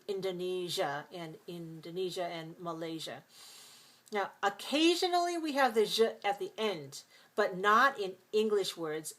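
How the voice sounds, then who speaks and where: A woman's voice: mid-range voice, a bit bright. Woman, pronunciation teacher, patient step-by-step classroom explainer. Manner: patient, explains step by step, repeats words slowly. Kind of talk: live class lesson.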